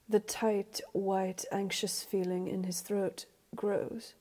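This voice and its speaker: A woman reading a story aloud, in a measured, even storybook narration. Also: mid-range voice. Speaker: reader.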